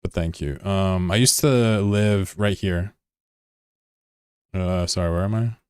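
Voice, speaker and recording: A man chatting casually on a live game stream, excitable and swearing freely as he answers chat between calls. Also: low-pitched, slow pace, clear, resonant tone, no room sound, clean studio sound.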